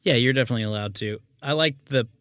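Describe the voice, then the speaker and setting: A man co-hosting a movie podcast talks through a film in loose, rambling casual chat, quick to laugh. His voice sits in a middle pitch. The recording is dry and close. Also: a bit bright, no room sound. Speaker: podcast co-host.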